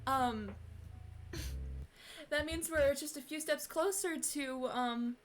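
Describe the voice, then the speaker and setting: A woman's voice: high-pitched, slow pace, a little hiss or hum. A young woman chatting casually on a live stream before reading fan fiction, giggly and full of fillers and restarts, on a cheap streaming mic. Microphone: cheap streaming mic on a laptop.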